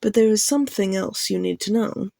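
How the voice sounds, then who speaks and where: A woman's voice: mid-range voice, a little fast, vocal fry, dry recording, close to an everyday voice. Woman voicing a commanding she-cat clan leader. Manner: steady, formal addressing a gathering. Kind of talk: audiobook character voice.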